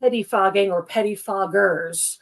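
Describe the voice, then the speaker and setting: A woman's voice: mid-range voice, moderate pace. A woman co-hosting a casual chat show who rambles, restarts her sentences and laughs at herself. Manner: chatty and rambling, full of "like" and restarts.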